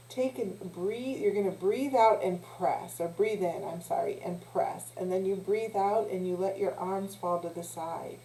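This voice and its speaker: A woman teacher leading a children's lesson, talking in a gentle, encouraging way with small pauses and restarts. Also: mid-range voice. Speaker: youth teacher. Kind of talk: children's lesson, guided breathing. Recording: echoey room.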